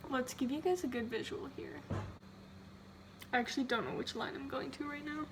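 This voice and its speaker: A young woman's high voice comes through a low-quality home video as she cooks and chats at a normal pace. She rambles, says "like" often, and jokes about herself. Background noise is steady throughout.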